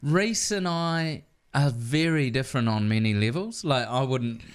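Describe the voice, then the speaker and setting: A man's voice: medium pitch, measured pace, smooth. A man with a New Zealand accent, a comedian guest in a podcast studio, chatting casually and acting out the people in his stories. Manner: animated storytelling, swearing, acting out quoted people. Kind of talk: casual chat.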